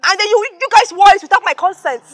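A Nigerian actress playing a haughty, wealthy young woman who shouts, stammers in rage and barks orders. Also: very high voice, expressive, quick pace. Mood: indignant. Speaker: actress in a film.

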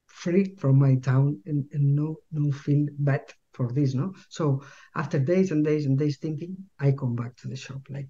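A woman's voice: low voice, moderate pace, dark tone, lo-fi sound. A Spanish-accented woman whose first language is Spanish, telling a story as a guest in an interview and often repeating words as she searches for the English. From Spain.

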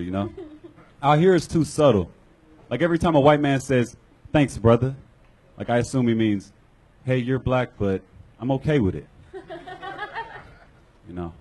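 A man from Georgia doing a live stand-up set at an open mic, halting and apologetic as he stumbles over his jokes. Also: mid-range voice, darkish tone, a little hiss or hum, poor audio. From Georgia, USA. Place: live comedy club stage.

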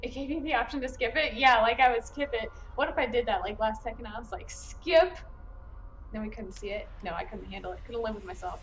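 A young woman streaming a video game live, chatting and reacting as she plays, flustered and excited at times. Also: a little high, fast talker, hardly any pauses, faint music behind, poor audio.

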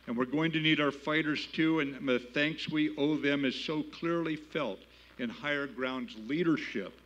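A man's voice: a little high, unhurried, a bit bright, muffled recording. An older man giving a keynote speech at a gala, telling a war story in a plain-spoken, folksy way and building to emphatic appeals. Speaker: keynote speaker. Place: gala banquet hall.

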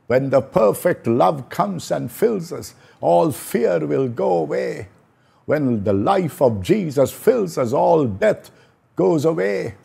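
A man preaching a slow, prayerful sermon, repeating phrases for emphasis. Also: a little high, lively intonation, gravelly, mellow, breathy edge. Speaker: pastor.

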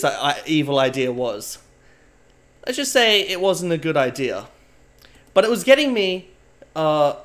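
Young man, streamer, rambling mock-serious chat with viewers, slightly higher voice. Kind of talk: casual live-stream chat.

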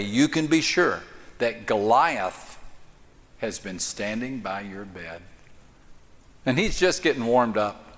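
A pastor giving a live sermon, telling stories and slowing down to stress key lines. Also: male voice, mid-range voice, a bit bright. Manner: storytelling, slow emphatic cadence. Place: church auditorium. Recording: long reverb of a large church.

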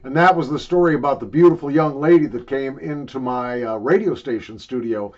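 A man's voice: medium pitch, a little fast, a little mellow, muffled recording. An older man rambling and joking crudely while he talks around a wad of chewing tobacco in a casual review video.

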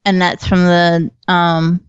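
Woman co-host, loose and giggly, lower voice, dry slightly lo-fi home audio. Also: completely flat delivery, takes it slowly, smooth, dry recording. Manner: chatty, laughs often, swears casually. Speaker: podcast co-host. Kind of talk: casual chat.

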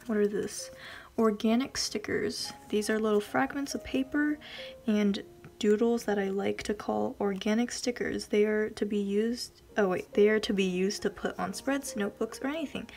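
A woman vlogger with a medium-pitched, creaky voice chats casually while unboxing a package. She gushes and giggles, often dropping into soft whispers.

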